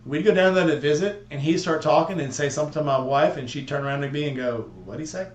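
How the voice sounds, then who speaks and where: A man's voice: on the high side, fairly even intonation, quick pace. A man from southeast Texas chatting casually and telling rambling, joking stories to friends. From southeast Texas near the Louisiana border. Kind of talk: casual chat. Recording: echoey room, faint hum.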